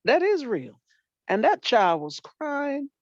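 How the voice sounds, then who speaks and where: An older woman, a retired teacher and librarian, telling animated stories about her students in casual talk and acting out what people said. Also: high voice, slow pace, no room sound. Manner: animated storyteller, acts out quotes, folksy Southern phrasing. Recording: dull lo-fi dry sound.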